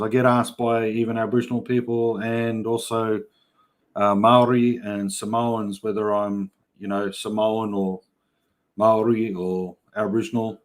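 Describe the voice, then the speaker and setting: A middle-aged Australian man hosting a livestream, chatting casually with viewers and telling stories in a yarning way. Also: on the low side. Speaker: livestream host. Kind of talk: casual livestream chat reading comments.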